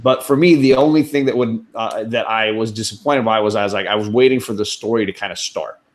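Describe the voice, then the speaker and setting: A man's voice: on the low side, brisk. A man from California, a guest with his own comic channel, chatting casually and reading out viewer comments. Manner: relaxed, reads out chat comments. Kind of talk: casual chat.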